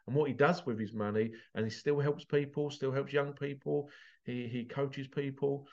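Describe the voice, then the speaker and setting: Passionate swearing man, muffled sound. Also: mid-range voice. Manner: passionate, swears, voice breaking with emotion. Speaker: motivational vlogger. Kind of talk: emotional motivational monologue.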